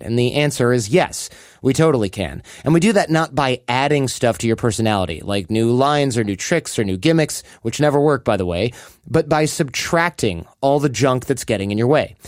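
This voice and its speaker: A man's voice: medium pitch, darkish tone, no echo, clean studio sound. A man hosting a podcast, reading sponsor spots in a loose, chatty way and briefly acting out little quoted voices. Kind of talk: casual ad read with banter.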